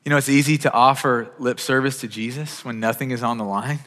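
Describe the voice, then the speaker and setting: A man's voice: medium pitch, fairly even intonation, fairly quick, fairly bright tone. Earnest male pastor in a reverberant hall. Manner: earnest, repeats words when starting phrases, rising to urgent peaks. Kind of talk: sermon.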